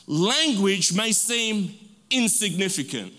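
A man's voice: high-pitched, sing-song, pushed and bright. A man preaching a sermon as pastor, calling for amens and stretching out key words for emphasis. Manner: call-and-response preaching, drawn-out emphatic words. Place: church sanctuary. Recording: long reverb of a large hall.

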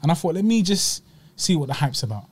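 Podcast host, male, Egyptian roots, lightly raised pitch, chatty and animated. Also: fast talker. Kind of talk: casual chat, food review.

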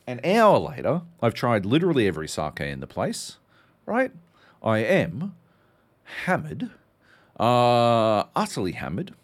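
A man co-hosting a podcast, telling stories in animated casual chat and swearing often. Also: medium pitch, unhurried. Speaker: podcast co-host.

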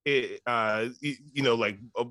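A man's voice: mid-range voice, unhurried, pushed and bright, no echo. A man co-hosting a podcast, chatting casually and profanely about a movie and acting out scenes in quoted voices. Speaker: podcast co-host. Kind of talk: casual movie review chat.

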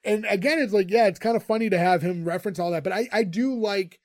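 A man recaps a TV episode in casual podcast chat, his voice sitting high for a man. He tells the story animatedly and laughs often. The sound is dry and close. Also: quick pace, no echo.

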